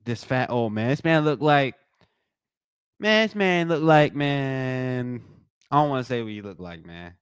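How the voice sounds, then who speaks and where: A young man commentating a live watch party, joking with his chat in a slangy, excitable way. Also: measured pace, smooth, no room sound, studio quality. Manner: excitable, joking, slangy, bursts into high-pitched reactions.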